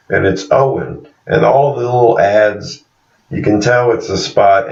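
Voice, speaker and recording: A man's voice: low-pitched, gravelly. A man casually recapping a TV series scene by scene, chuckling as he acts out the characters' lines. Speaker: TV series reviewer. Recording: roomy, distant, dull recording.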